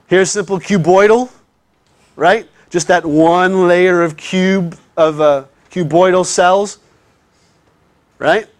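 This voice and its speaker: Guy teaching a class, kinda high voice, dry sound, chatty and keeps asking if everyone's following. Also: steady tone, slow, pauses often, dry recording. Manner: chatty, checks in with students often. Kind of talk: classroom lecture.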